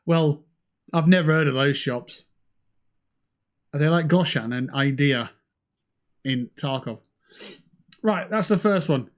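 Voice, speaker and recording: A young British man hosting a livestream in casual, sweary chat that jumps between high and low. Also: takes it slowly, long pauses. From United Kingdom. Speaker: livestream host.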